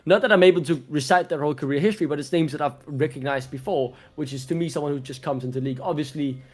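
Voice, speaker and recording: Animated male esports caster, higher voice. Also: fast. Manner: animated, chatty, laughs easily. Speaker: esports commentator. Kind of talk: live esports commentary.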